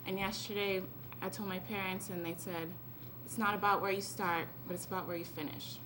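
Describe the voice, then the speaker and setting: A woman's voice: mid-range voice, steady tone, a little fast. Teenage girl, giggly, rambling, handheld mic, background noise. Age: late teens. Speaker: honored student. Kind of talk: tearful-happy thank-you speech. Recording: noisy event recording.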